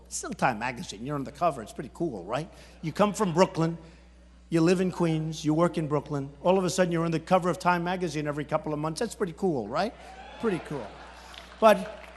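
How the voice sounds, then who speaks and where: A man giving a boastful, repetitive campaign rally speech, breaking into shouts. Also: high voice. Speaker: political candidate at a rally. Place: large indoor rally hall. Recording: long hall reverb at a rally.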